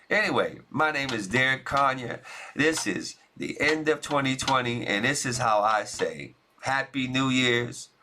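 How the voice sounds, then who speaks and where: A man's voice: fairly low pitch, bright, forceful tone. A man hosting his own vlog, talking straight to his viewers in a folksy, preachy and upbeat way, full of hey and huh. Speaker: vlog host. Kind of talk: casual heartfelt address to viewers.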